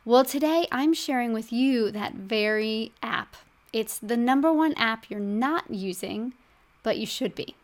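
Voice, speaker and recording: A woman's voice: fairly high pitch, unhurried. A middle-aged woman hosting a podcast as a health coach, talking to the listener in a chatty, upbeat way. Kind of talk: scripted podcast monologue.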